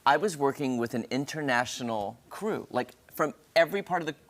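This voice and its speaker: A man from Texas co-hosting a morning television show, trading casual, animated banter and telling stories. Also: medium pitch, a little fast. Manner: animated, chatty storyteller.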